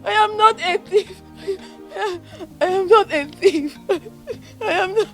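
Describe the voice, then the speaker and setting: A woman's voice: sits high, normal speed, darkish tone, soft background music, natural voice. A woman playing a crying, pleading Nigerian girl. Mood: tearful. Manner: tearful, pleading. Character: mistreated young woman pleading, accused of theft.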